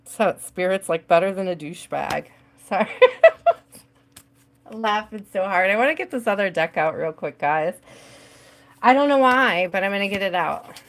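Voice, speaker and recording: A woman's voice: medium pitch, expressive, normal speed, pauses often, fairly bright tone. Chatty woman hosting a tarot live stream. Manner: chatty, laughs often, talks to viewers by name. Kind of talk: casual live-stream chat.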